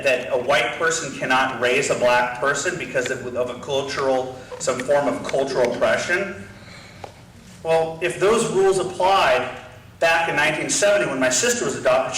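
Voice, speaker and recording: A man giving an impassioned political lecture in a combative way. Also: medium pitch. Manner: forceful, combative, acts out whispered asides. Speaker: guest lecturer. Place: large university lecture hall. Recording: roomy hall, voice from far off the mic, faint noise.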